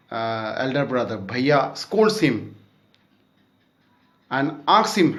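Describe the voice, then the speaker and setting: A man's voice: medium pitch, takes it slowly, pauses often, fairly bright tone. A man teaching a class lesson, reading a story aloud and explaining word meanings, often checking in with "okay?". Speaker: school teacher.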